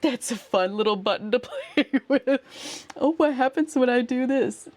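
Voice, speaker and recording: A woman's voice: a little high, a little slow. A woman streaming live, chatting casually with viewers while she works on a craft, laughing often and talking herself through each step. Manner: giggly, thanks viewers warmly, talks to herself while working.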